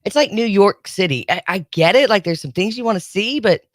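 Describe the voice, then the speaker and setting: A woman's voice: mid-range voice, expressive, fairly quick, dry recording, clean studio sound. A woman hosting a radio show, chatting casually with a wry, sarcastic edge. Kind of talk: casual morning radio banter. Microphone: studio microphone.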